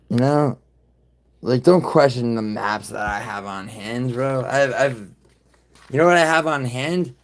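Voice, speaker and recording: A man from New York hosting a live stream, ranting casually and profanely at his chat in a rambling, combative way. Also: medium pitch. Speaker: livestream host.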